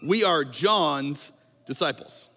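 A man preaching a conversational sermon as pastor, animated and joking, sometimes acting out quotes in a raised voice. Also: fairly high pitch, takes it slowly, breathy edge, long reverb tail.

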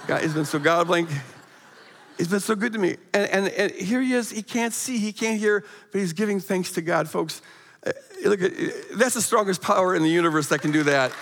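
A middle-aged man preaching as a guest speaker in a church. His voice sits high and has a gravelly edge. He talks animatedly, with emphatic rises and a lot of stammered restarts, and a long hall echo trails behind him. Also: brisk, a bit bright, slight background noise. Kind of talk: sermon storytelling. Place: church sanctuary.

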